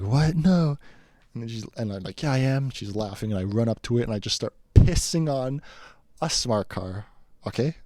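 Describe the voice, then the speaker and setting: A man's voice: fairly low pitch, darkish tone, dry recording, studio quality. A man telling a rambling, casual personal story, quoting the people in it. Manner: rambling, chatty, quotes people in his story.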